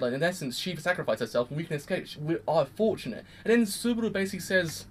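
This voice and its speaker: An excitable man talks through an anime episode in a casual review, voice sitting a bit high for a man. He rambles, restarts his sentences and breaks into exclamations. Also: fast talker.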